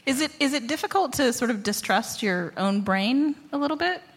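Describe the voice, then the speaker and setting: A woman's voice: sits high, expressive, normal speed, in a large hall. A woman interviewing an author, asking questions in a hesitant way with fillers and restarts. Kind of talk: interview conversation.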